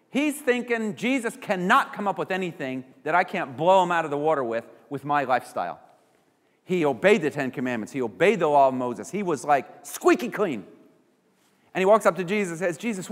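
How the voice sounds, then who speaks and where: A male pastor preaching with a lively, swooping delivery, his voice sitting a little high for a man. He acts out little voices of the people he quotes. His words ring out with a long church-hall reverb. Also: fairly quick. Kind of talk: sermon. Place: church sanctuary.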